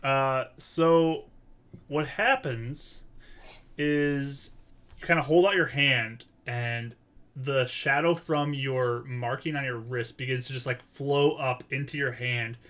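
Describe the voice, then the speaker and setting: Casual game master, middle pitch, laid-back narration with little laughs. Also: takes it slowly, fairly bright tone. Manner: easygoing, amused, loose descriptions.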